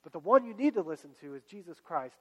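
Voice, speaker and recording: A pastor preaching a sermon to his congregation in a fairly high voice. He speaks in an exhorting way and circles back to repeat his key phrases. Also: big pitch swings, fast talker, a little mellow, husky, long reverb tail, rough recording. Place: church.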